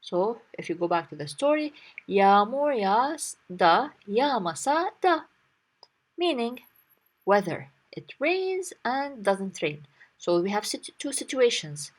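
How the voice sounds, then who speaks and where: A woman's voice: on the high side, very animated, a little slow. A young woman teacher patiently explaining a story word by word in a language lesson.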